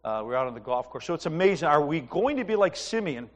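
A man's voice: a little high, big pitch swings, quick pace. A middle-aged man preaching a sermon in a conversational way, asking the congregation questions and telling personal stories with humor. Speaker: pastor.

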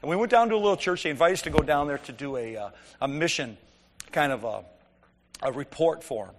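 Male preacher, anecdotal sermon, rhetorical questions, slightly high voice, long hall reverb. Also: lively intonation, brisk, a little hiss or hum. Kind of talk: conversational sermon.

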